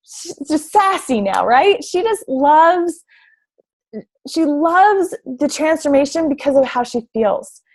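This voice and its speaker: Bubbly, gushing woman pitching a team. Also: lively intonation, slow pace, darkish tone. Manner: bubbly and gushing, lots of "like" and "oh my gosh". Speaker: fitness coach presenting to prospective recruits. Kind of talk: enthusiastic presentation over slides.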